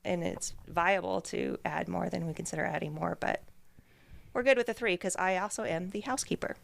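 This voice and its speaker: A woman's voice: on the low side, a little fast, vocal fry, dry recording. A woman guest chatting casually about her business, easygoing and laughing along. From Nebraska. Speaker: guest, venue owner. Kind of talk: casual chat.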